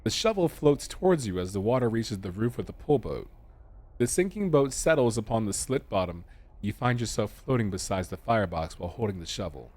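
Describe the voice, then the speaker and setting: A man's voice: fairly low pitch, expressive, a little mellow. Man streamer reading game text, joking. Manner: slow, deliberate reading of narration, jokey asides. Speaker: gaming streamer. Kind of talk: reading game text aloud with casual commentary.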